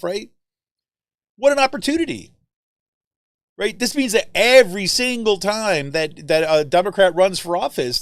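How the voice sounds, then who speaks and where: A man hosting a political podcast, talking in an animated, rambling way with lots of fillers and tag questions like "right?". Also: sits high, no echo, clean studio sound. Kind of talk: casual political commentary.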